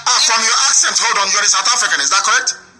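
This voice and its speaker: Fiery high-voiced male radio host. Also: racing, rough recording. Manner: forceful, rallying, repeats phrases for emphasis. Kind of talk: fiery radio call-in talk.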